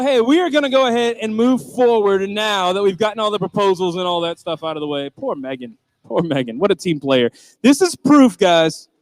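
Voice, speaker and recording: A man's voice: high voice, dry recording, low-quality recording. A man hosting an online youth church service, playful and upbeat, leading a group Bible reading. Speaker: youth pastor host. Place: church stage.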